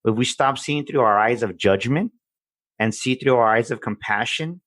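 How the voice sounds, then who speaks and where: A man hosting a casual interview, talking earnestly with quick agreement. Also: mid-range voice, a bit bright, no echo. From Mexican heritage, based in San Antonio. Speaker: host.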